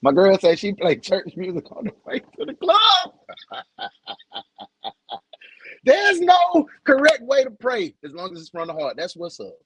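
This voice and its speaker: Young Southern man, high lively voice, slangy joking livestream host. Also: unhurried, pauses often, husky, dry recording, poor audio. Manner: loose, joking, slangy, greets viewers by name. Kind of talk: casual livestream chat.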